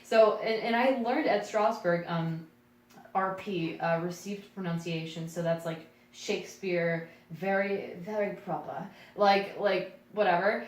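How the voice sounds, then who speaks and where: A woman's voice: lowish voice, measured pace. Young woman telling a self-deprecating story. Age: young adult. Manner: self-deprecating, animated, laughs often. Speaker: podcast co-host and actress. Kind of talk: casual storytelling. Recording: echoey room, voice far from mic, faint noise.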